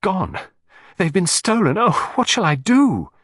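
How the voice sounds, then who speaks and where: Man doing a naive young woman in a storybook, raised pitch, pleading, breathless. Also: wildly swooping pitch, measured pace, fairly bright tone, husky, dry recording, clean studio sound, full character voice. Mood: distressed.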